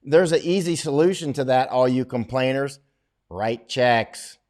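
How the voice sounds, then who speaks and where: A middle-aged man speaks a little slowly in a mid-range, slightly mellow voice. He hosts a relaxed livestream, reading out questions from viewers and answering at length with strong opinions and many restarts.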